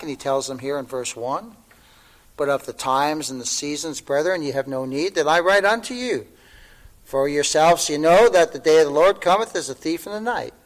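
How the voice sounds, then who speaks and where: Fervent preaching man, raised pitch. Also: poor audio. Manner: fervent preaching with rising exclamations; conversational asides and tag questions. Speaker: pastor. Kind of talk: sermon.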